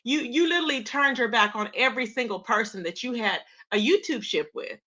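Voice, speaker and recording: A woman's voice: on the high side, a little fast, few pauses, sharp tone, muffled recording, a little hiss or hum. A woman hosting a casual gossip livestream who talks to her viewers, greets them by name and calls them babe and child, with features. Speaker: YouTube commentary livestream host.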